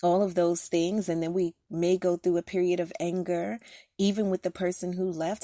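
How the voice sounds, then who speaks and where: A woman's voice: lowish voice, little pitch movement, moderate pace, dark tone, no echo, clean studio sound. A middle-aged woman hosting a faith podcast, speaking candidly and personally in a casual monologue with frequent fillers. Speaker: podcast host giving encouragement.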